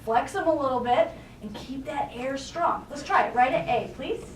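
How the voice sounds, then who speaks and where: A woman with a high, bright-toned voice leads a band rehearsal, encouraging the players and explaining ideas with homely comparisons. She is picked up from across an echoey rehearsal room by a distant mic, with clear background noise. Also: moderate pace. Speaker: guest band conductor.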